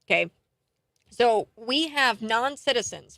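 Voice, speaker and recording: A woman's voice: medium pitch, normal speed, no echo. Heated woman talk radio host. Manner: animated, indignant, laughs scornfully.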